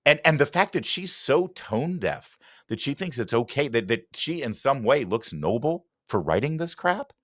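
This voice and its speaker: A man's voice: medium pitch, big pitch swings, moderate pace, a bit bright, dry recording, clean studio sound. A man hosting a political commentary show, talking with sarcastic, mocking asides. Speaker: talk show host.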